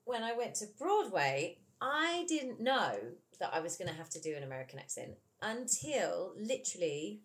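A woman's voice: mid-range voice, very animated, moderate pace, few pauses. A woman with a British accent, an actress chatting in an interview with lots of animation and laughter. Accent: British English. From England. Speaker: musical theatre actress, guest. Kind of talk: casual interview chat.

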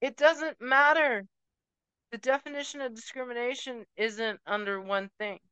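A woman's voice: on the high side, moderate pace, pushed and bright, clean tone, no room sound, poor audio. A woman from Puerto Rico ranting emphatically to camera as a vlogger, dropping Spanish words into her talk. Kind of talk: emotional rant to camera.

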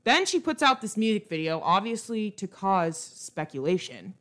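A woman's voice: mid-range voice, very animated, moderate pace, fairly bright tone. A young woman co-hosting a podcast, chatting casually and ranting bluntly about celebrity gossip. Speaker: podcast co-host. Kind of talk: casual chat.

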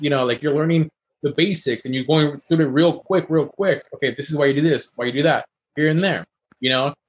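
A man who is a chef, chatting casually as a guest and telling stories in a fast, animated way. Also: fairly high pitch, dull audio. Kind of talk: casual chat.

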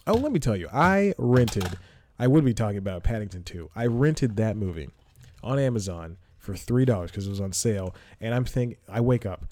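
Rambling, self-mocking man with a mellow voice. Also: fairly low pitch, animated, moderate pace, slight background noise. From Georgia, USA. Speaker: podcast host. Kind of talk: casual solo podcast chat. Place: small apartment room. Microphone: headphones and studio microphone.

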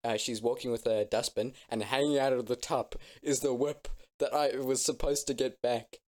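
A man's voice: medium pitch, moderate pace. A young man in casual podcast chat, telling childhood stories and laughing often. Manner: animated storyteller, laughs often. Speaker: podcast co-host.

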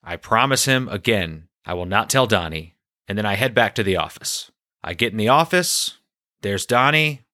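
A man hosting a storytelling podcast, recounting a personal story in a deadpan, conversational way. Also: lowish voice, normal speed, no echo, studio quality.

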